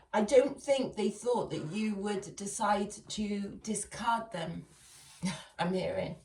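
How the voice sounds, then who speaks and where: A woman doing a casual tarot reading, chatty and laughing often as she talks to her viewers. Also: medium pitch. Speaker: tarot reader. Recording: echoey room, far from mic.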